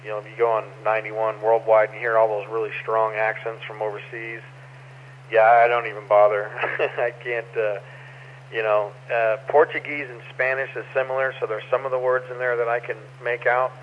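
A man's voice: on the low side, level tone, moderate pace. Easygoing man on muffled radio. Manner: easygoing, matter-of-fact. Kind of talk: casual radio chat. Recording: muffled radio with faint noise.

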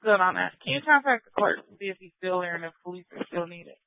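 A man's voice: sits high, lively intonation, fast, vocal fry, dry recording. A man working as a police dispatcher, giving clipped, procedural calls over the radio. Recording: tinny police radio scanner audio.

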